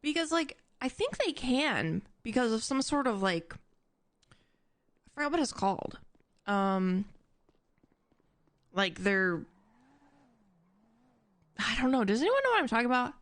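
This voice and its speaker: A woman live-streaming casual chat to her audience, animated and admittedly dramatic. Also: a little high, unhurried, long pauses, no echo. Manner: animated and self-described dramatic.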